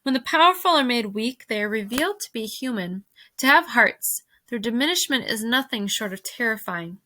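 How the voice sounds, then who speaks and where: Teacher lady reading a chapter book aloud to kids, expressive, bright dry voice. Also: a little high, moderate pace, no echo. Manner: expressive, addresses listeners directly. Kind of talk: reading a novel aloud to a class.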